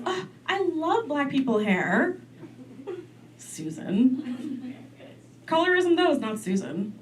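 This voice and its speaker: A woman doing stand-up on a comedy club stage. Her high voice leaps around as she acts out relatives. It is caught from some distance off the mic.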